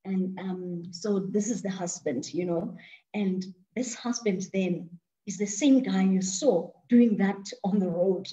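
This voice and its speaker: A woman's voice: mid-range voice, slow, warm tone, low-quality recording. A woman leading an interactive online talk, asking the audience questions and often repeating words as she thinks aloud. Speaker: speaker leading an online discussion.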